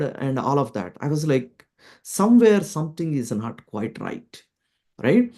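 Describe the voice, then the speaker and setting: A man giving a spiritual talk as a teacher, telling a story with many fillers and repeating key lines slowly for emphasis. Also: mid-range voice, lively intonation, darkish tone. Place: Florida, near the listener's town.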